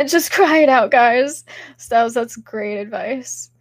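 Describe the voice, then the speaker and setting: With a fairly high voice, this young livestream podcast host takes things slowly as she reads and responds to her chat. Stuffy and sick, she giggles often and fills gaps with filler words, in a dry, studio-quality recording.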